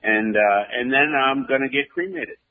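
A man co-hosting a radio show, telling stories in a slow, drawn-out way with many fillers. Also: medium pitch, animated. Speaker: radio co-host. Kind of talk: casual radio chat. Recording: tinny phone-like radio line.

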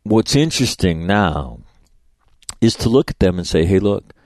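A man's voice: sits low, big pitch swings, moderate pace, a little mellow, dry recording, clean studio sound. A middle-aged man hosting a podcast, giving a blunt, profane motivational monologue and acting out bits of dialogue in his stories. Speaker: podcast host.

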